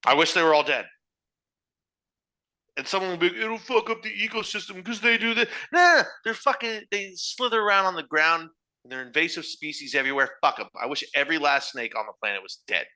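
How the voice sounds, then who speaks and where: Loud, ranting man with a bright voice. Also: on the high side, animated, brisk. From Ireland. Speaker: podcast co-host. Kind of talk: casual profane banter.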